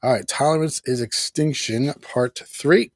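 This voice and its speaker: Easygoing guy hosting a review stream, kinda husky low voice, dry close sound, laughs a lot. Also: unhurried, no room sound. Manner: easygoing, laughs often, acts out characters' lines. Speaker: host reviewing a cartoon episode. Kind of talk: casual recap chat on a live stream.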